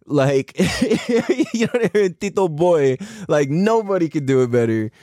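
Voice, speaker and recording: Brief: male podcast host, lively up-and-down pitch, slangy and profane, close dry sound. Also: unhurried, dry recording. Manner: animated, laughs often, swears freely, slangy. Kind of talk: casual comedic monologue.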